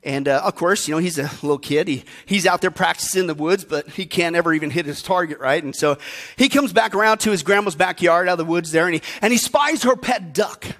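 A pastor preaching a sermon with emphatic rhetorical questions that swing between bursts and hushed asides. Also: male voice, high-pitched, brisk.

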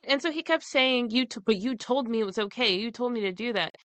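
This is a woman co-hosting a podcast, telling a personal story in casual chat. She acts out the quoted dialogue with lots of expression and laughs along the way. Her voice is bright and forward, and the recording is dry and close. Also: a little high, brisk, no room sound. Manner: animated retelling with quoted dialogue and frequent laughs. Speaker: podcast co-host.

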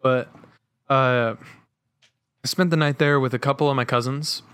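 A young man chatting casually with friends, laid-back and halting, pausing with fillers as he tells a story. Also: medium pitch, fairly even intonation, a bit bright, clean tone, no echo.

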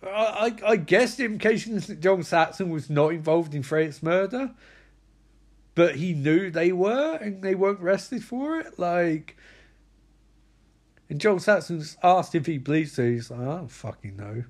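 Excitable high-voiced man recapping a film. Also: unhurried. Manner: excitable and profane, frequent exclamations. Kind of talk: casual excited movie recap.

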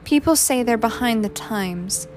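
Practical storybook mother, matter-of-fact, slow and steady, read by a woman. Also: a little high, a little hiss or hum. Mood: earnest. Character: mild-mannered mother, plain and practical.

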